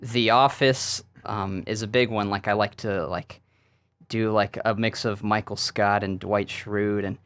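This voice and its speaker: A man guesting on a casual podcast, talking haltingly with lots of fillers and nervous laughs. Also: fairly low pitch, fairly even intonation, a bit bright, no room sound. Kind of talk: casual chat.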